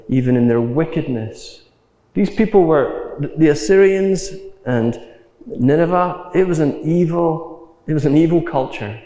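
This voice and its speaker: A man preaching a sermon, telling the story slowly and acting out the quotes. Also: fairly high pitch, mellow. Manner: unhurried storytelling with acted quotes. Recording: echoey hall.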